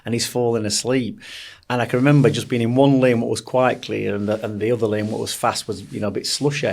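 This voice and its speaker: A man's voice: mid-range voice, steady tone, fast talker, creaky, a little mellow. A man, telling rambling stories as a podcast guest with many restarts. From Sheffield, England. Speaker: boxing coach, guest. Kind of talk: casual storytelling interview.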